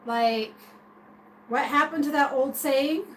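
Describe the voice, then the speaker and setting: A woman's voice: high-pitched, slow pace, a bit bright, slight background noise, low-quality recording. A woman streaming a casual opinion rant, rambling and hesitant with many restarts. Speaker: streamer talking to viewers.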